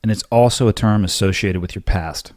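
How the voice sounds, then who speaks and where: Male podcast host, low-ish voice, blunt and emphatic, dry close mic. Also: brisk, a little mellow, dry recording. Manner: blunt, emphatic, occasionally profane. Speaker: podcast host answering listener questions. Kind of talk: solo Q&A monologue.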